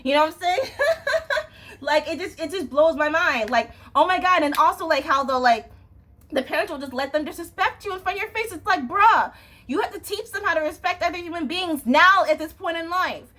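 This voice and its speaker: A woman's voice: very high voice, expressive, brisk, pushed and bright. A young woman venting in a casual, exasperated rant to camera, swearing and often asking "you know what I'm saying". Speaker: vlogger.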